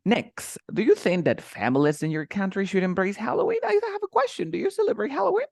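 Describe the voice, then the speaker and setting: A man's voice: high voice, very animated, creaky, a little mellow, no echo. Patient male English teacher, dry sound. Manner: patient, repeats words slowly for pronunciation. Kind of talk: conversational lesson, interview practice.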